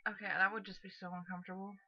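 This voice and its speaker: A woman's voice: mid-range voice, little pitch movement, very fast, no room sound, highs cut off, soft background music. A young woman chatting casually as she plays through a game, rambling and giggly. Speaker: let's play host. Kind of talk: casual gaming commentary.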